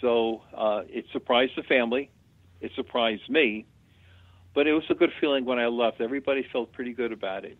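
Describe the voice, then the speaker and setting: A man's voice: medium pitch, a little fast, dry recording. A man who works as a medium, a guest telling chatty, plain-spoken anecdotes in an interview. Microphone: phone call. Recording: tinny dry phone line.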